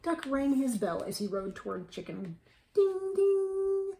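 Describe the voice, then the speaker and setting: Animated woman reading a picture book. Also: medium pitch, moderate pace, vocal fry. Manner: animated, with gasps and questions to children. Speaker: teacher reading aloud. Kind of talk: picture book read-aloud for children.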